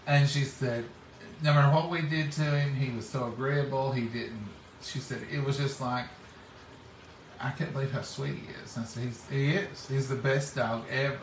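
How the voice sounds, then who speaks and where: A man's voice: medium pitch, steady tone, normal speed, slight background noise. Folksy man, distant roomy sound. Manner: folksy, acts out quoted speech. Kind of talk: casual storytelling chat.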